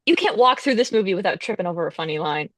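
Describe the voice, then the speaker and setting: A woman's voice: mid-range voice, expressive, rapid-fire, a bit bright, dry recording. A woman co-hosting a casual chat, giving wry, quippy opinions. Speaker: podcast co-host.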